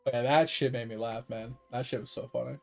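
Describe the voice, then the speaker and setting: A man's voice: mid-range voice, fairly even intonation, a little fast, vocal fry, darkish tone, faint music behind. A man streaming games, ranting casually and profanely to his chat. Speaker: game streamer.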